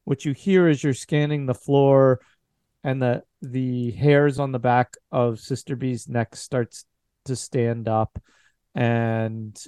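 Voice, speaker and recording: A man narrating a tabletop horror game as game master, in a measured, descriptive way. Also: medium pitch, warm tone, smooth, no room sound, studio quality.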